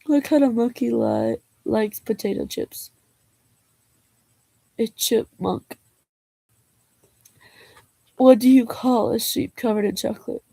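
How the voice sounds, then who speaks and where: A woman's voice: on the high side, steady tone, slow pace, gravelly, pauses often, mellow, husky, no echo. A young woman vlogger reading jokes aloud in a casual way, laughing and groaning at them and adding slangy asides.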